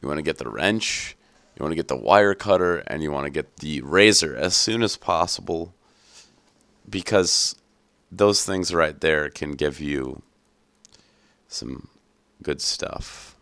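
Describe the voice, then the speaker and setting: A man with an extremely deep, smooth voice gives casual, foul-mouthed gameplay commentary. His tone is bright and forceful, recorded close and dry. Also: expressive, measured pace, no room sound. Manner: casual, profane, joking. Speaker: gaming channel host.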